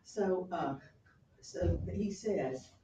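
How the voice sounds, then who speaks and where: A woman teacher lecturing her class, retelling a play with lively storytelling and acted-out quotes. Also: on the low side, very slow, background noise. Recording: roomy classroom from a distance.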